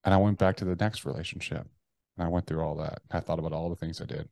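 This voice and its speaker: Brief: American man, podcast guest, lowish voice, candid and profane storyteller, dry close sound. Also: steady tone, fast, vocal fry, warm tone, no room sound. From United States. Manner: frank, profane, restarts sentences often; acts out his own inner voices.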